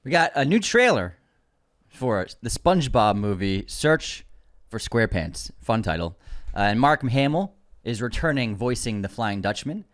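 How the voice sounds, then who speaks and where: A man's voice: mid-range voice, very animated. A man co-hosting a podcast, reading out film news items and adding casual remarks. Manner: brisk news rundown with casual asides. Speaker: podcast co-host.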